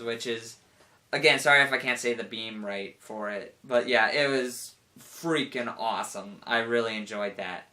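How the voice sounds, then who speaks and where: A young man giving a casual spoken review, rambling with lots of "like" and animated retellings. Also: medium pitch, a little slow. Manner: rambling, full of "like", animated quoting with laughs.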